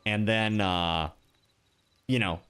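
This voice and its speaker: A man casually chatting to his viewers while he plays a game, animated and rambling, with many fillers and restarts. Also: lowish voice, slow, smooth, faint music behind. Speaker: streamer.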